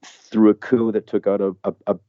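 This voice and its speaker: Emphatic low-voiced man, dry dull audio. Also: level tone, moderate pace, warm tone, no room sound. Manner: earnest, emphatic, frequent restarts. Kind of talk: conversational political discussion.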